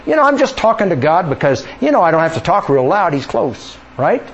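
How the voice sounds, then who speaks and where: A man's voice: high voice, big pitch swings, brisk, highs cut off. A male pastor preaching a sermon in a church, conversational, with many rhetorical questions. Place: church sanctuary.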